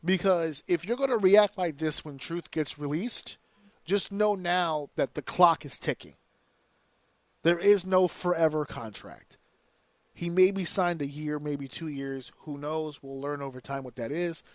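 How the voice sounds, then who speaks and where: Podcast host, male, fairly high voice, dry close sound; heated and profane, talking in slang. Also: a little slow, dry recording. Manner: profane, heated opinionated rant; slips into slang and mimicked voices. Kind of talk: casual wrestling commentary.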